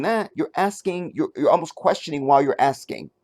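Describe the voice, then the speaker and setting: A man hosting his own commentary channel, talking in a casual, animated way and checking that the viewer is following. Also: fairly high pitch, brisk. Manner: animated, talks straight to the viewer, asks if they follow; searches for words, many restarts and fillers.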